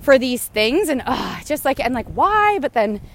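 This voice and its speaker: A woman hosting a podcast talks through her frustrations in a loose, rambling monologue, dropping swear words freely. She is recorded outdoors on a walk, and faint outdoor ambience sits behind her fairly high voice. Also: moderate pace, slight background noise. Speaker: podcast host. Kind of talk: casual spoken monologue. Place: outdoors, walking near a goose.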